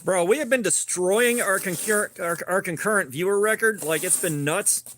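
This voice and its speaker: A man's voice: high-pitched, a bit bright, a little hiss or hum. A man hosting a casual livestream, joking and rambling as he answers viewer comments. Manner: joking, rambling, quick asides. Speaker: livestream host. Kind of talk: casual live chat reading comments.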